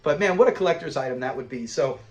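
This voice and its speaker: A man's voice: on the high side, lively intonation, quick pace. A man hosting a casual episode breakdown, talking in an enthusiastic, rambling fan style. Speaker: host of a show-review channel.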